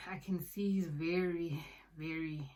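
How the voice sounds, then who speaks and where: A young woman telling a personal faith testimony in a halting, conversational way, full of fillers, sometimes sinking to a soft near-whisper. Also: on the low side, steady tone, low-quality recording. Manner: halting, conversational, many fillers like "like" and "you know".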